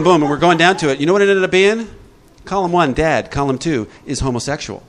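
A man leading a recovery group talk, lively and joking, acting out little voices as he explains. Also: mid-range voice. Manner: lively, jokey, acts out voices. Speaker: recovery workshop speaker.

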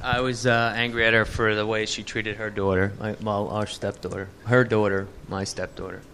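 A man answering in a group session, hesitant and quiet. His voice is low yet sharp-edged. Faint noise sits under him. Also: level tone, moderate pace. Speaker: workshop participant.

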